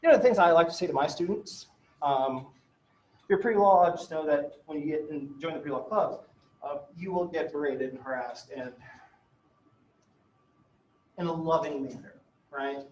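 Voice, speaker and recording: A man's voice: on the high side, normal speed, pauses often, a little mellow, a little hiss or hum. A man giving a casual law lecture, telling stories full of fillers and mild swearing, and often checking in with his students. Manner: chatty, filler-heavy, swears, checks in with "right?". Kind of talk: casual classroom lecture with anecdotes. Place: classroom. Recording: echoey, dull lecture-room recording.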